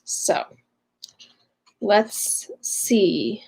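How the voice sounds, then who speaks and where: A woman's voice: mid-range voice, big pitch swings, drawn-out words, creaky, a little mellow, breathy edge. A young woman at home, casually recapping a novel chapter and reading it aloud, chatty and scatterbrained with lots of fillers. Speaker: reader of a novel. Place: home room.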